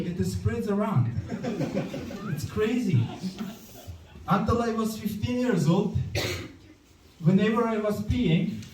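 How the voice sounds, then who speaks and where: High-voiced deadpan stand-up comedian. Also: male voice. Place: comedy club stage with a live audience. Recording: echoey room, heard from far off, faint noise.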